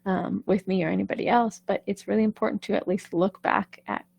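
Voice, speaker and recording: A woman's voice: mid-range voice, steady tone, brisk, gravelly, darkish tone, breathy edge. A woman vocal coach talking casually on a live stream, chatty and reassuring, often checking in with "right?".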